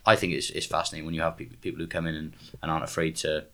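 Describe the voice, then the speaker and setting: A young man hosting a casual political chat, animated and full of excited restarts. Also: very deep voice, rapid-fire, vocal fry. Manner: animated, stumbling restarts when fired up.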